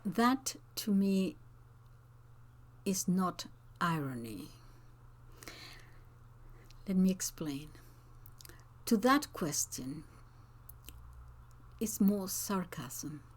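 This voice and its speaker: A woman teacher answering viewers' comments in an unscripted talk, slow and thoughtful, with frequent hesitations and restarts. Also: on the low side, very animated. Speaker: language teacher and channel host.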